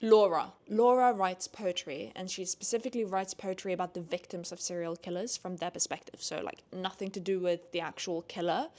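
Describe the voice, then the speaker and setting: Una giovane donna che recensisce libri in un vlog informale. Parla in modo chiacchierone, con tanti intercalari, e impreca senza problemi. Ogni tanto si lascia andare a sfoghi animati. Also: female voice, fairly low pitch, fairly quick, few pauses. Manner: chatty, heavy use of "like", swears when annoyed; animated, rising into ranting bursts. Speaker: book vlogger. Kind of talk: casual book review vlog.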